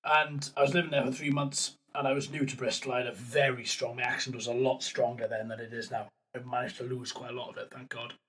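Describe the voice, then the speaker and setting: A man's voice: mid-range voice, little pitch movement, fast talker, hardly any pauses, fairly bright tone, slight background noise. A man with a Swansea Welsh accent hosting a casual podcast chat. He banters, laughs easily and swears freely. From Wales. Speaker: podcast host.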